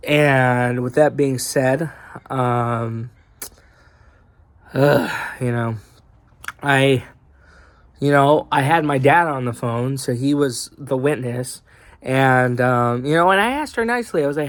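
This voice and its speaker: A man's voice: medium pitch, takes it slowly, pauses often, no room sound. A young man telling an angry, rambling story in a casual vlog, heavy with swearing and fillers. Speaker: vlogger.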